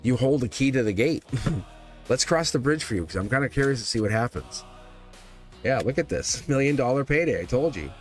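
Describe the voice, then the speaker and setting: A man's voice: mid-range voice, lively intonation, fairly quick, soft background music. A man hosting a live tarot reading in casual spiritual talk, rambling and repeating phrases, chuckling often. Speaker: tarot reader livestream host.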